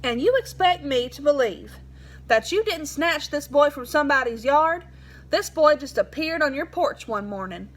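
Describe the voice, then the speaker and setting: A woman's voice: high voice, lively intonation, normal speed, pitched above the performer's own voice. A woman reading aloud as a suspicious, blunt small-town sheriff who fires accusing questions. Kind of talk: storybook read-aloud.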